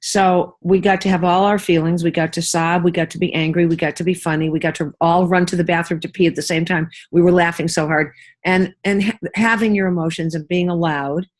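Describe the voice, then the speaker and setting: A woman's voice: on the low side, steady tone, a little fast. An older woman, an interview guest, telling personal stories and acting out the voices of people she quotes. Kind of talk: interview conversation.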